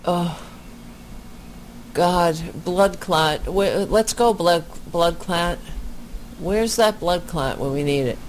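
Slow, indignant reaction commentator. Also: medium pitch, a little hiss or hum. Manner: indignant, deliberate, swears.

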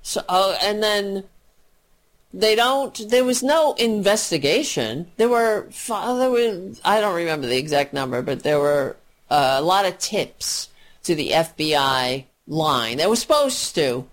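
A woman's voice: animated, measured pace. A woman giving a heated, profane political rant, full of sarcasm and mocking asides. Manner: mocking voices with pitch jumps.

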